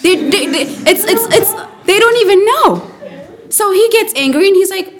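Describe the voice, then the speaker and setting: A woman leading a lively group Bible lesson, acting out the quotes with sudden jumps in pitch as she questions her listeners. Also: normal speed. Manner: animated, acts out quotes with rising pitch. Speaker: Bible study teacher.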